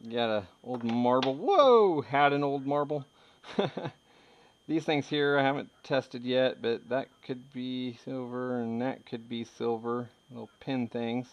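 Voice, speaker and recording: A man's voice: mid-range voice, level tone, slow, highs cut off. A man in his thirties chatting casually as he shows his metal detecting finds, rambling and joking with frequent laughs. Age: 30s. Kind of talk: casual chat showing finds.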